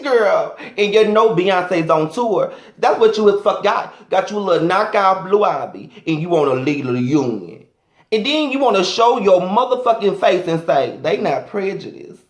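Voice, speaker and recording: A man's voice: sits high, expressive, unhurried, roomy sound. A man doing a sassy, flamboyant, profane comic rant as a vlogger.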